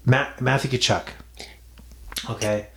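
A man's voice: mid-range voice, steady tone, a little slow, vocal fry, roomy sound, background noise. A man hosting a casual sports betting podcast, playful and teasing, often repeating himself. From Toronto area, Canada. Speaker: podcast host.

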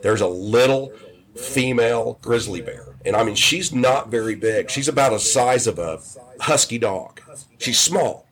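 A man in his fifties chats as a podcast guest, his voice sitting at an ordinary middle pitch. He wanders through long anecdotes, often restarting sentences and correcting himself mid-thought. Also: animated, unhurried, a bit bright. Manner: rambling, with frequent restarts. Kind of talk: casual storytelling.

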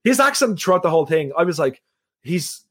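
A man's voice: fairly high pitch, sing-song, a little fast, breathy edge. A man hosting a film podcast, chatting casually and rambling with lots of fillers. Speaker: podcast host. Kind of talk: casual film review chat.

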